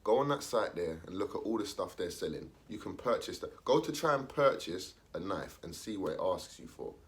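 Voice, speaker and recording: A man's voice: low voice, lively intonation, brisk. A young man, talking casually in street slang, ranting his opinion and acting out the voices of others. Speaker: commentator.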